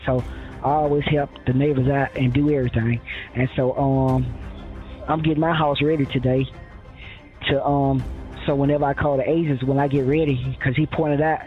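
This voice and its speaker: A man's voice: medium pitch, little pitch movement, moderate pace. A man telling his story in a rambling way, quoting other people, with many fillers and restarts, in a phone interview. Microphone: phone line. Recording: tinny phone line with faint music.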